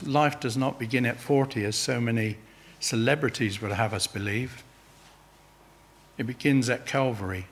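A man's voice: mid-range voice, fairly bright tone. A man preaching a sermon, earnestly pressing his listeners with urgent questions.

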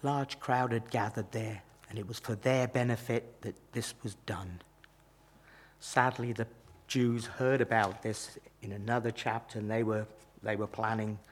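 A man preaching a sermon, retelling a Bible story with dramatic rises and hushed drops. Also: creaky, husky. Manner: dramatic, rises and falls in pitch and loudness.

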